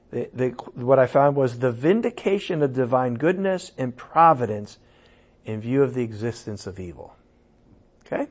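A man preaching a sermon and teaching from scripture, emphatic, with sudden loud raised passages. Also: mid-range voice. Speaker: pastor.

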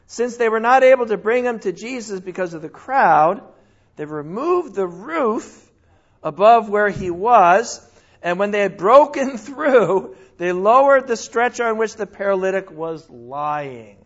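High-voiced man teaching the Bible, lo-fi. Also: a little slow. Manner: lively, exclaims and self-corrects often.

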